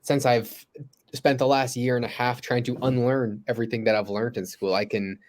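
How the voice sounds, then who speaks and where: A man's voice: medium pitch, flat delivery, normal speed. Young man with stumbling restarts. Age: young adult. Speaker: podcast co-host. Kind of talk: casual discussion.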